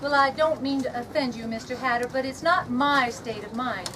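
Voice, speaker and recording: A woman's voice: high-pitched, moderate pace, background noise, lightly acted. A woman playing a puzzled Alice. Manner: polite, wondering, questioning. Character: puzzled young woman Alice, polite outsider. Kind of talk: outdoor live stage comedy skit. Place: outdoor reenactment event. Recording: distant voice amid outdoor crowd.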